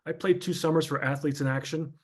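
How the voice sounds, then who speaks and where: A man's voice: on the high side, steady tone, quick pace, darkish tone. Chatty middle-aged man telling stories. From northern New Jersey. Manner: chatty, anecdotal, frequent fillers. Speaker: podcast guest, former sportscaster. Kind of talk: casual storytelling interview.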